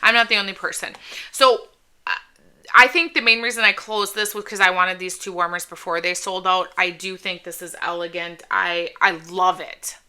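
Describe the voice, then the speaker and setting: A woman's voice: lowish voice, steady tone, normal speed, bright, forceful tone, clear, resonant tone. A middle-aged woman chatting casually at home in a rambling, self-interrupting way as she reviews products for her channel. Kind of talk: casual haul vlog chat.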